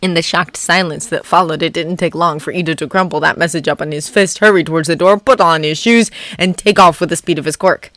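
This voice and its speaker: A fan reader narrating a story chapter with an expressive delivery. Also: medium pitch, fairly quick, few pauses, no room sound. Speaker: fanfiction reader. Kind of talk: audiobook narration.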